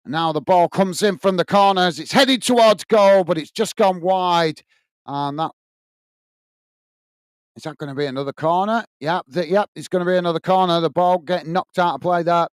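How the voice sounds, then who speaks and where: A man hosts a live match watch-along, steadily calling the action blow by blow and thanking viewers by name between moves. His voice is high, at normal speed, with a clean tone and no room sound.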